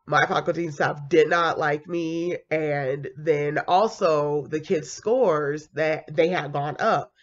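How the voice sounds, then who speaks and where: A woman's voice: sits low, takes it slowly, few pauses. Chatty young woman teacher, lo-fi. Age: young adult. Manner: animated, chatty, full of fillers and laughs. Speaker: kindergarten teacher. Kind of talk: casual storytelling vlog.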